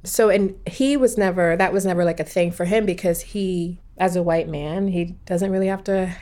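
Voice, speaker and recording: A woman in casual conversation, telling a personal story in an animated, emphatic way with many fillers. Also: fairly low pitch, moderate pace. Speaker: partner sharing a personal story.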